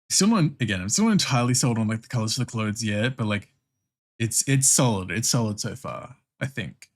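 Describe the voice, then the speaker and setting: Un joven con acento australiano charla mientras dibuja en directo. Su entonación sube y baja con mucha viveza, y piensa en voz alta entre risas y palabrotas sueltas. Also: male voice, on the low side, animated, normal speed. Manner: laughs often, swears casually, thinks aloud. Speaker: streamer. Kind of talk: casual chat while drawing.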